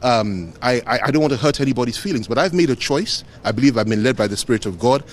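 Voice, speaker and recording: Speaking fast and expressively in a medium-pitched voice, a politician from Nigeria gives the press an earnest, emphatic statement, repeating phrases to add weight. Slight background noise can be heard.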